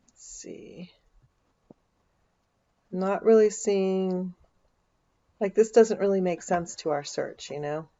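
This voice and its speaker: A woman's voice: mid-range voice, measured pace, mellow, muffled recording. A woman vlogger, chatting casually as she walks through a search on her screen, thinking aloud with dry asides. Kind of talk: casual screen-share walkthrough.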